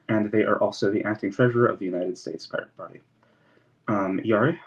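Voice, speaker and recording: A man's voice: on the low side, steady tone, fairly quick. A man from Indiana chairing an online committee meeting, calling on members politely and procedurally with frequent ums. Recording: dull lo-fi call audio with faint hiss.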